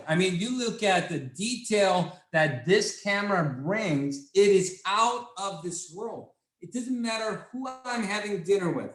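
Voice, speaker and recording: A man leading a sales training session, talking in an excitable, repetitive, salesy way. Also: high voice. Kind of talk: enthusiastic product training talk. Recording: echoey room.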